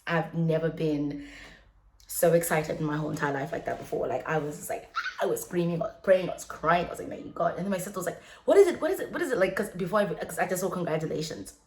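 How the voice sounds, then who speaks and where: A young adult woman vlogging in a casual, chatty way, animated and laughing often, with many fillers. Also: low voice, fast, slight background noise. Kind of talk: casual chat. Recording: echoey room.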